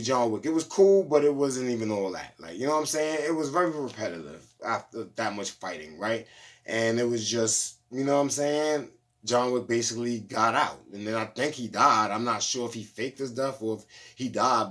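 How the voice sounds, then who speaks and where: A man's voice: mid-range voice, fairly bright tone. Slangy man rambling through a movie review. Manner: loose slangy storytelling, lots of "you know what I'm saying". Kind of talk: casual movie review monologue.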